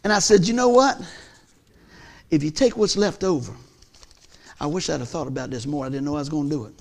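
High-voiced, animated preacher. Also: male voice. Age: 50s. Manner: animated, swinging from loud to hushed, folksy. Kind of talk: sermon storytelling.

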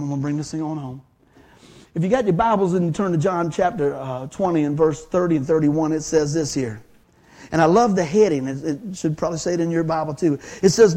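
A man preaching a sermon, telling stories in an animated way that swings from hushed to loud. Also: on the high side, a little fast.

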